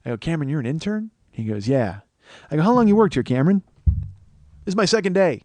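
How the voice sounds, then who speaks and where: A man's voice: on the high side, fast talker, dry recording. A man hosting a podcast, telling a long profane story and acting out the people in it. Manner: animated, swearing, acts out quoted people. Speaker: comedian and podcast host.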